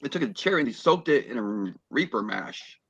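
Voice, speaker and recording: A man chats as a podcast guest and tells a rambling story packed with ums and restarts. His pitch swings around a lot. The sound is dull, lo-fi and dry. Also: very animated, brisk, vocal fry, breathy edge, no room sound. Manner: rambling, filler-heavy storytelling. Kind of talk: casual chat on a call.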